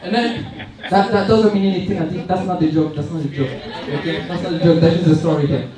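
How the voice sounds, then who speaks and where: A man's voice: sits high, fairly even intonation, fast talker, crowd noise. A young man doing a stand-up comedy set, chatty and self-mocking, telling loose stories with many asides. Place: large event hall with audience. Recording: echoey hall recorded from far off.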